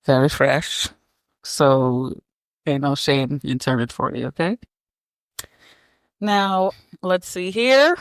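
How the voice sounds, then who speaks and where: A woman's voice: sits low, lively intonation, slow pace, long pauses, dry recording. A woman hosting a casual podcast, teasing her co-host and laughing often. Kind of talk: casual chat.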